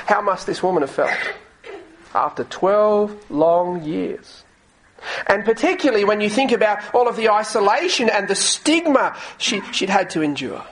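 A man's voice: high voice, a bit bright, slight background noise, poor audio. A male pastor preaching a sermon earnestly, often repeating words as he goes and reading scripture aloud. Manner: reads scripture aloud in old English wording.

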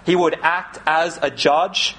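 A man preaching a sermon in a measured, emphatic way, acting out quoted lines with dramatic flair. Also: on the high side, fairly even intonation, gravelly, pushed and bright.

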